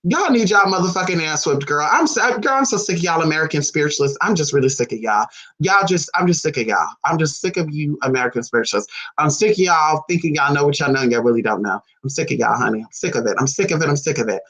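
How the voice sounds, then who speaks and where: A vlogger ranting casually in a sassy, profane way, full of teasing asides, swinging between low mutters and high squeals. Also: lively intonation, fast talker, a bit bright, low-quality recording. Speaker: vlogger on spiritual history.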